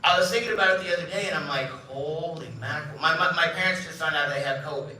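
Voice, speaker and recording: A middle-aged man addresses a live audience in a big, echoey room, caught from some distance away. His voice sits a little high and sounds bright and forceful. He keeps it light with jokes and runs stories by playing out the voices of the people in them. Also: very fast. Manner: joking, storytelling, acts out quoted voices. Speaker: company CEO giving a talk. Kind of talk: live event speech. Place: large event room. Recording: echoey room, speaker far from mic.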